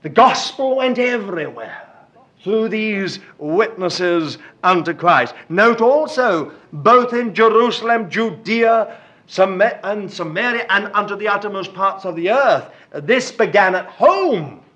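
A man's voice: high voice, animated, takes it slowly, a bit bright. A man preaching a sermon, emphatic and fond of repeating words for stress. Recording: dull lo-fi recording.

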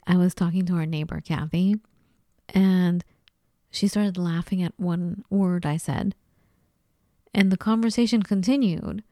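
A podcast co-host from Los Angeles, California, this woman speaks with a Los Angeles accent in a fairly low, warm voice. She tells stories in a rambling, casual chat full of "likes" and restarts, and the recording is studio quality with no echo.

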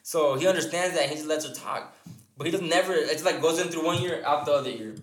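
A man's voice: on the high side, quick pace. A young man casually telling a long story on a podcast, rambling and swearing freely, with many restarts and fillers. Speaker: podcast co-host. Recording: echoey room.

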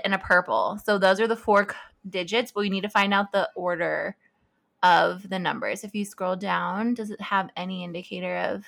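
Woman, podcast co-host, unhurried delivery with a gravelly fry, eager and puzzling things out aloud. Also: mid-range voice. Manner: eager, thinks out loud. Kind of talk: casual chat, solving puzzles aloud.

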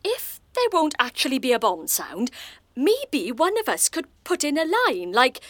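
A chirpy, upbeat member of an amateur drama group in a radio comedy. Her voice is high and leaps about a great deal, and it sounds close and dry. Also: wildly swooping pitch, a little slow, fairly bright tone, no room sound, exaggerated voice. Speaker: amateur actress.

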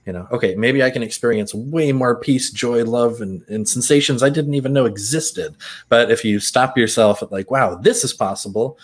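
A man's voice: mid-range voice, normal speed. A man co-hosting a podcast, telling a personal story in a loose, reflective way with plenty of fillers. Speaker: podcast co-host. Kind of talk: casual chat.

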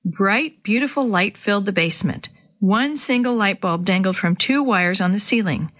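A woman reading a children's chapter book aloud to young listeners, in a gentle and clear storybook manner. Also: mid-range voice, lively intonation, moderate pace.

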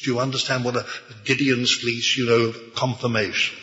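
An older man telling a testimony story in a sermon, slow and hesitant with restarts. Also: medium pitch, flat delivery, pushed and bright. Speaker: preacher giving a testimony. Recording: echoey hall, dull lo-fi.

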